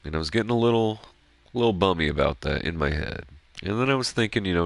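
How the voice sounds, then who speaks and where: Rambling gamer guy with an extremely low, gravelly voice, swears a lot, casual stream talk. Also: expressive, fast, soft background music. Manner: rambling, swears freely, self-reflective. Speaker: gaming streamer. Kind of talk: casual chat while playing.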